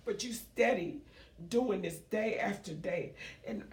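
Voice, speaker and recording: A woman's voice: medium pitch, slow. A middle-aged woman and small business owner giving an emotional, emphatic public speech, repeating phrases for force. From United States. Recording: roomy echo, speaker far from the mic.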